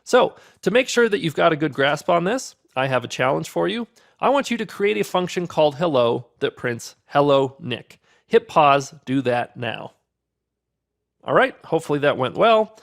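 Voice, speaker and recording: Man, coding tutor, gravelly fry in the voice, slightly high pitch, upbeat and patient. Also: moderate pace. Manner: relaxed, upbeat, explains step by step. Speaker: programming instructor. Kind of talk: screen-recorded coding tutorial.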